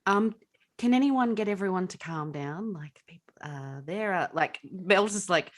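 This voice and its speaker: A woman's voice: fairly low pitch, expressive, measured pace. A woman playing a tabletop role-playing game, animatedly describing what her character does. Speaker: player. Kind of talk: casual tabletop play.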